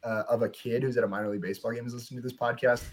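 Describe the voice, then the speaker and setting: A young man, a minor league pitcher, telling stories in a casual podcast interview with frequent fillers. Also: racing, slight background noise. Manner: relaxed, rambling storyteller with frequent fillers.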